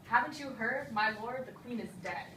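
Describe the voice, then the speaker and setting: A woman's voice: on the high side, moderate pace, pushed and bright. A young woman rapping the part of an anxious male servant bringing news in a student project. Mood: urgent. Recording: roomy echo, distant mic, faint hiss.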